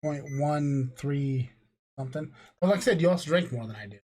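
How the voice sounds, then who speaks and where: A man's voice: fairly high pitch, lively intonation, a little fast, darkish tone. Profane, rambling tipsy man. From New Mexico. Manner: profane, rambling, jokey ranting. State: tipsy from drinking. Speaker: podcast host. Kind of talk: casual chat.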